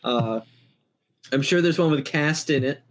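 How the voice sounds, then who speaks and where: Playful man pitching jokey ideas. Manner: playful, quick joking suggestions. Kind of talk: casual podcast chat.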